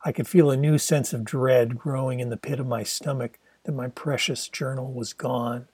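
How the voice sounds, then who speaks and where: Older man reading his memoir, husky. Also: mid-range voice, normal speed, dry recording. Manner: steady reflective storytelling. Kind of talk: audiobook narration.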